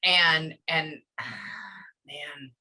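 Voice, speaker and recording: A woman working as a psychic medium, relaying messages in a reading, often pausing with "hang on" before carrying on. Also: low voice, steady tone, sharp tone. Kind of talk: one-on-one reading session.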